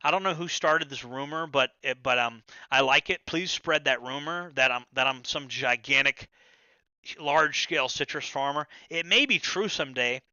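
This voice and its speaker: Man, livestream host, very bright voice, dry dull lo-fi sound, casual profane rambling. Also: medium pitch, normal speed, dry recording. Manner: loose and profane, full of stammered restarts.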